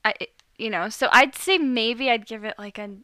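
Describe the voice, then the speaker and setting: A woman chatting casually about a horror movie on a podcast, animated and often laughing. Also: a little high, moderate pace, dry recording. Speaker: podcast guest. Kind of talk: casual chat.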